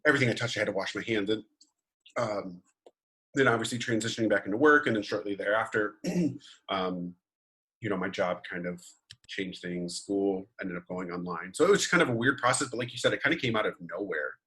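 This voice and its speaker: A man's voice: fairly low pitch, brisk, bright, forceful tone, breathy edge. A young man co-hosting a podcast, chatting casually in a rambling way. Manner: rambling, many fillers and restarts. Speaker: podcast co-host. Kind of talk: casual chat.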